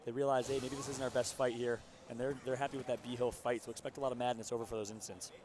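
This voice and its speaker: A man commentating a live esports match, his voice worn hoarse from cheering with the crowd, talking through plays with excited analysis. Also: mid-range voice, fast talker. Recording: loud crowd behind the voice.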